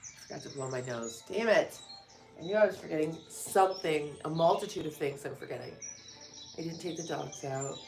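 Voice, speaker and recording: A woman with a low, darkish voice chats briskly in her morning vlog, tossing out joking asides and speaking to her dogs. She's indoors near a window, where birdsong drifts in over soft background music.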